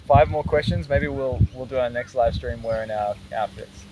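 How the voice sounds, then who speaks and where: Man hosting a relaxed live-stream chat, voice set in the middle range, explains things step by step and jokes around. Steady background noise can be heard under his talk. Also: medium pitch, normal speed. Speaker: archery coach and host.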